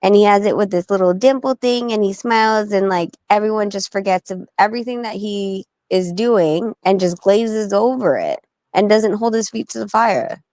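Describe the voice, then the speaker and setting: A woman guest on a talk stream, speaking bluntly, swearing freely and telling stories quickly. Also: mid-range voice, a little mellow, no room sound. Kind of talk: casual talk-show chat.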